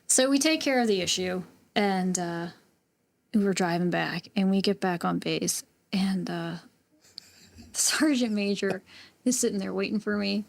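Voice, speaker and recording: A middle-aged woman with a gravelly edge tells her service stories plainly and bluntly. She swears freely and laughs easily, like a podcast guest speaking casually. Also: medium pitch, measured pace. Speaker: podcast guest, retired military bomb technician. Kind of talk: casual interview storytelling.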